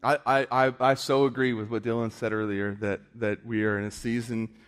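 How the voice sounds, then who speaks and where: A man delivers a fervent sermon, hammering home his points by circling back to the same phrases. His voice sits at an ordinary middle pitch for a man. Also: little pitch movement, moderate pace, clear, resonant tone, faint music behind. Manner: impassioned preaching with repeated phrases. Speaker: preacher.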